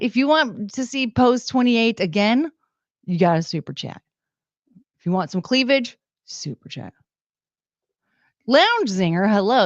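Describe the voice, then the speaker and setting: A young woman hosts a livestream in a mid-range voice, recorded lo-fi with no room sound. She chats casually and playfully reads out super chats, adding beeping sounds.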